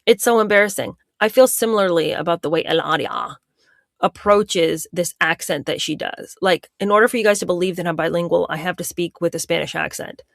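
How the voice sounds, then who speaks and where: A woman with a fairly low voice comments in a sarcastic, incredulous tone. The recording is dry and close. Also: a little fast, vocal fry, no room sound. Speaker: guest commentator. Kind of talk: casual commentary.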